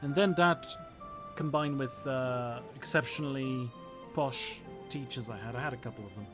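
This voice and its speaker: A man's voice: medium pitch, music in the background. Articulate man with a British-sounding accent. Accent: British-sounding English. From Portugal. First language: Portuguese. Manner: articulate, measured, chatty with viewers. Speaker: historian streaming a strategy game. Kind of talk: casual livestream chat and game commentary.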